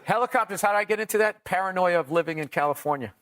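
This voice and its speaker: Rapid-fire and high-voiced, this middle-aged comedian trades crude, lively stories on a relaxed podcast as a guest, frequently cracking himself up.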